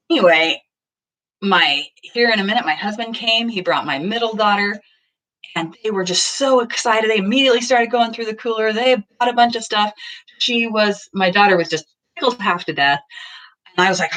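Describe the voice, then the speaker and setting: A woman's voice: mid-range voice, normal speed, a bit bright. A woman in her thirties talking casually about parenting at home, earnest and acting out small bits of dialogue. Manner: earnest, acts out little dialogues. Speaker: parenting vlogger. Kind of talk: casual talk to camera. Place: home, just in from the garden.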